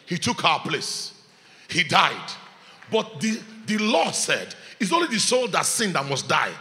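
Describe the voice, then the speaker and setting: A man preaching a sermon, his voice high and bright with a forceful edge. He swings from loud shouts to hushed asides with a very lively pitch. The sound carries a long hall reverb. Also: measured pace. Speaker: pastor. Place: church hall.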